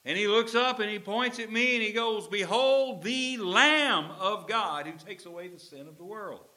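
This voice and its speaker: A preacher doing an urgent, pleading Jesus figure. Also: male voice, sits high, normal speed, sharp tone, pitched above the performer's own voice. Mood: insistent. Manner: urgent, emphatic, coaxing. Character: earnest Jesus pleading with his followers.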